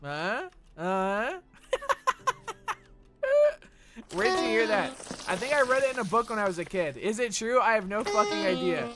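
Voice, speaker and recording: A Texan gaming streamer with a high-pitched, lively voice talks at normal speed with frequent pauses, music playing behind him. He rambles and swears while reading chat messages aloud and joking back at them.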